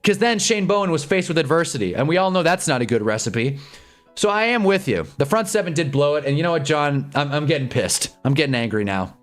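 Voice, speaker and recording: A man's voice: fairly high pitch, brisk, faint music behind. Rambling man hosting a football stream. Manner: rambling, sarcastic, gets loud and excited over plays. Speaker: live football stream host. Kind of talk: casual live commentary, reading chat.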